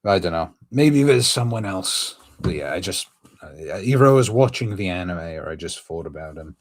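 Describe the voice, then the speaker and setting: Low husky man thinking aloud. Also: animated, moderate pace. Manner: thinking aloud, musing with fillers. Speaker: streamer reacting to a manga. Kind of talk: casual reaction commentary.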